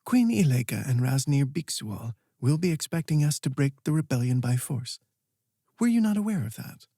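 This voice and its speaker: A man's voice: mid-range voice, big pitch swings, normal speed, warm tone, dry recording, clean studio sound. A man playing a stern female guardian. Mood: pointed. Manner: firm and formal. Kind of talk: audiobook character voice.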